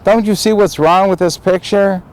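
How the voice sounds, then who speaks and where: An older American man, a citizen vlogger, delivers an impromptu political speech outdoors on a city street, impassioned and emphatic, repeating phrases. His voice is high-pitched, steady and a little mellow at a moderate pace. The homemade handheld video camera gives low-quality audio.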